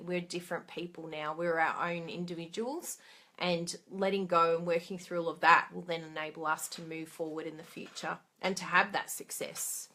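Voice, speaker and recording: A woman's voice: on the low side, a bit bright. A woman giving a casual motivational talk to camera, chatty and encouraging, laughing at herself and asking her listeners questions. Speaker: trainer for craft product demonstrators.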